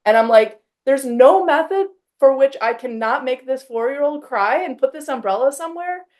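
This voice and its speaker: A woman in her thirties hosting a podcast, telling a story with lively retelling of back-and-forth exchanges and frequent "like". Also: high voice, moderate pace. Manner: animated storyteller, acts out quoted exchanges, frequent "like". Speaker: podcast host. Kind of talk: casual conversation.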